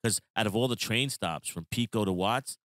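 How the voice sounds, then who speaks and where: A middle-aged man, his voice sitting low as he spins loose, slangy stories full of swearing. The sound is dry and close, with no room around it. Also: normal speed, dry recording. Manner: animated, swearing, slangy storyteller. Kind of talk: casual storytelling chat.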